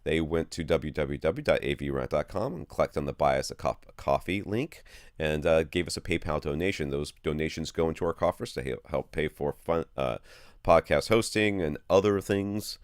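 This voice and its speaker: A man with a low, deep voice co-hosts a casual podcast in a dry, close-miked sound. He rattles through news quickly and stumbles over words, laughing off his slips. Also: no room sound. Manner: fast, rambling reading of news with slips. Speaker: podcast co-host.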